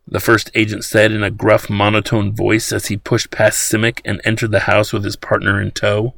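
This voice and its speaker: A man narrating an audiobook in a steady storytelling manner. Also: fairly low pitch, normal speed, vocal fry, hardly any pauses, dry recording.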